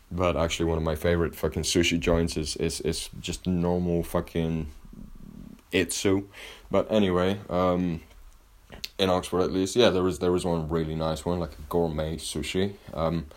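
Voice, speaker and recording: A man telling a rambling story in a casual monologue, swearing constantly and restarting his sentences. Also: deep voice. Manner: rambling and heavily profane, with frequent restarts.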